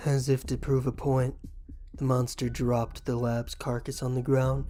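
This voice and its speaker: Man narrating horror flatly. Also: medium pitch, measured pace.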